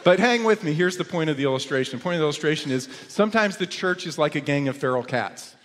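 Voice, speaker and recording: A middle-aged pastor with a slightly high voice preaches fast to his congregation, mixing humorous stories with lively exclamations. His sermon echoes with a long, hall-like reverb in a church sanctuary, over a little hiss or hum.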